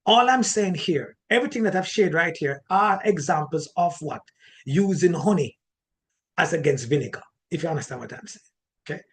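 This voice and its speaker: A man with a Jamaican accent giving an animated teaching talk on marriage, often repeating words and restarting his sentences. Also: fairly high pitch, moderate pace, slight background noise. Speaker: relationship teacher.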